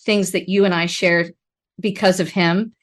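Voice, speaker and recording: A woman hosting a podcast, talking casually and with feeling, laughing often as she tells animated stories. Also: on the low side, measured pace. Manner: animated storyteller, laughs often, mimics voices. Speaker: podcast host. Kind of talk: casual, emotional remembrance conversation.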